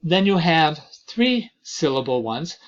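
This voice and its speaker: A man teaching an introductory lesson on poetry, talking slowly with frequent fillers and reading verses aloud. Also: a little high, sing-song, highs cut off. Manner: slow, deliberate delivery with many fillers and reading aloud of verses. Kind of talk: lecture on poetry.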